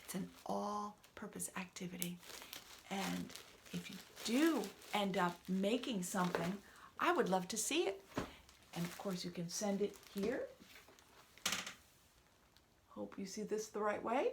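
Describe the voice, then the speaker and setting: A woman librarian hosting a children's storytime, gentle and often half-whispered. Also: medium pitch, a little slow, long pauses, noisy background.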